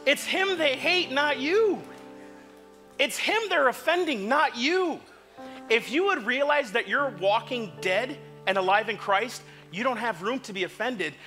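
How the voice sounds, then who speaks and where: A male pastor preaching an impassioned sermon in a church, moving from quiet asides to shouts. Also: very high voice, lively intonation, a little slow, soft background music. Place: church sanctuary.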